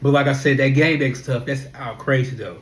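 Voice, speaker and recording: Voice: medium pitch, brisk. Young vlogger just rambling to the camera, chatty, lots of "listen" and "you know". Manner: animated, chatty, full of rhetorical questions and repeated fillers. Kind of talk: casual talking-to-camera monologue.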